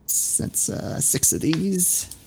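A man's voice: takes it slowly, background noise. A man playing a tabletop game, calling out his dice rolls and reacting to them. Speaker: player. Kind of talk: casual tabletop game chat.

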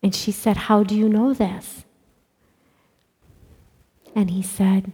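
Animated woman telling stories in a reverberant hall. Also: mid-range voice, slow pace, slightly rough. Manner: animated storyteller, dramatic hushed asides. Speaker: catechist speaking to kids. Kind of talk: storytelling religious talk.

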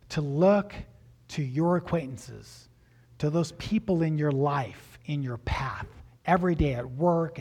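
A man, a pastor telling a personal story in a sermon and acting out the dialogue. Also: on the high side. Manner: animated storytelling, acts out dialogue.

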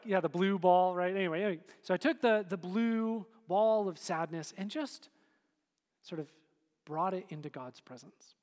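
A man preaching a sermon to a congregation in a relaxed, conversational way, full of fillers. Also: high-pitched. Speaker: pastor. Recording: hall reverb.

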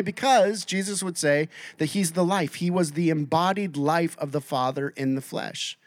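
A man preaching a sermon, acting out quoted voices and swinging between loud and soft. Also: fairly high pitch, normal speed, hardly any pauses, no room sound. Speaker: pastor.

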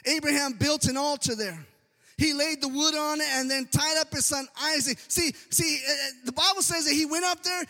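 A man's voice: very high voice, moderate pace, sharp tone, long reverb tail. A man preaching a sermon in an emphatic, sing-song cadence, often dropping an "amen".

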